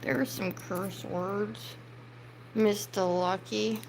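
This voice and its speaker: A woman's voice: mid-range voice, fairly even intonation, takes it slowly, creaky, slight background noise, poor audio. A woman livestreaming, ranting heatedly at her viewers' comments and swearing as she scolds them. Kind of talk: livestream rant at chat.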